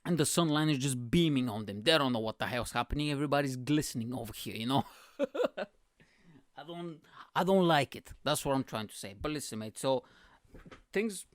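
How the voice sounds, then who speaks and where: A man hosting a podcast, telling comic stories in a rambling, sweary, animated way. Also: medium pitch, brisk, no room sound, studio quality. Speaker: podcast host. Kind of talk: comedic monologue.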